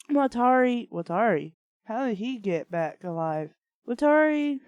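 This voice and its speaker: A woman reading bad fan fiction aloud, breaking off for deadpan sarcastic asides. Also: a little high, no room sound, clean studio sound. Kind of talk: dramatic reading with sarcastic commentary.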